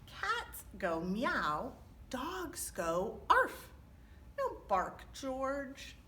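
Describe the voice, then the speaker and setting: A woman voicing a fussy, insistent dog mother in a read-aloud storybook, high and slow. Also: huge pitch swings, pushed and bright, a little hiss or hum, full character voice. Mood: coaxing.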